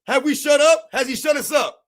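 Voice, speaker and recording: A man's voice: very high voice, fairly quick, a bit bright. A man streaming live, ranting about basketball in a heated, mocking way, firing off repeated rhetorical questions. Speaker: sports streamer. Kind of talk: live-stream sports rant.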